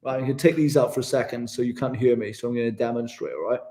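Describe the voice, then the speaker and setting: A chatty man, working through viewer questions live in a loose, casual way. His voice sits at an ordinary middle pitch, and he is easygoing and self-deprecating, calling everyone "mate". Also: rapid-fire, mellow, slight background noise. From West Yorkshire, England. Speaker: vlogger answering viewer questions.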